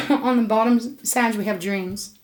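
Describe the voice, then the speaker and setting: Gushing with emotion and affection, a tarot reader speaks to her viewers and keeps repeating herself. Her voice is on the high side and a little slow.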